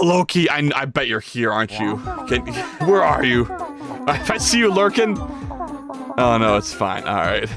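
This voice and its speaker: A live streamer chatting casually while working, rambling in self-talk and breaking into sudden loud outbursts and swearing. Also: medium pitch, very animated, measured pace, music in the background.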